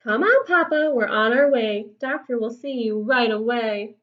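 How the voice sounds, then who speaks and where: A woman voicing a sensible mother bear who gives brisk rhyming instructions in a storybook read-aloud. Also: fairly high pitch, dull audio, close to an everyday voice.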